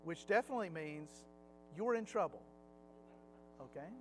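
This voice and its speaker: A middle-aged man with a notably high voice leads a relaxed Sunday Bible lesson in a church classroom. He talks in a chatty, anecdotal way, and a faint hum of music sits under his voice. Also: moderate pace, rough recording. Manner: chatty, anecdotal, slips into acted quotes.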